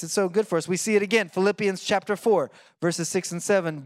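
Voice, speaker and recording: A middle-aged man preaching a sermon as a pastor, animated, swinging from soft and low to loud and high. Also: a little fast, hardly any pauses, dry recording, clean studio sound. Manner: animated, rises to near-shouting when quoting.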